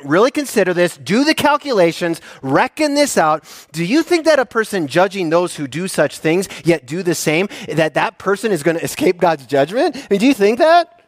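A man preaching a sermon as a pastor, earnest and emphatic, swinging between hushed soft lines and rising heartfelt appeals. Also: high voice, no echo, clean studio sound.

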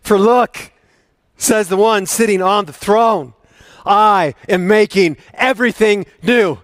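A man preaching a sermon to his congregation in a church, emotional, swinging from loud excitement to quiet, intimate prayerfulness. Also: high-pitched, takes it slowly. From United States. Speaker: pastor. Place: church sanctuary.

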